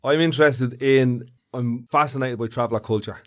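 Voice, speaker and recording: A man's voice: mid-range voice, normal speed. Curious man asking questions in casual chat. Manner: curious, asks questions, joking. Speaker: podcast co-host.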